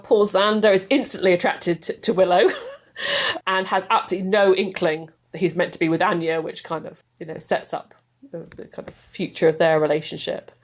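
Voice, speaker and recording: A woman, chatting enthusiastically as a podcast guest and laughing often. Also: on the low side. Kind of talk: casual chat.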